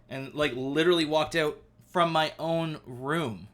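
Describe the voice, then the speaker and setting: A man in his thirties hosting a casual live stream, rambling excitedly with lots of fillers. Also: a little high, unhurried. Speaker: livestream host. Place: at home.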